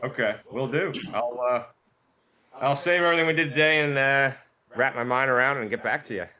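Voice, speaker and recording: A man hosting a podcast, laid-back and friendly, with an ordinary mid-range voice. He wraps up casually, pausing on fillers as he goes. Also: mid-range voice, sharp tone. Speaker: podcast host. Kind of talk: casual interview wrap-up.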